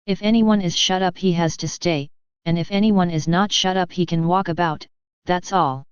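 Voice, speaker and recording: A mild male hospital doctor, as a woman reads him, gentle and reasoning in a low, very clear voice. The audio is close and dry with a slightly dull tone, like a storybook audiobook. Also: no room sound, close to an everyday voice.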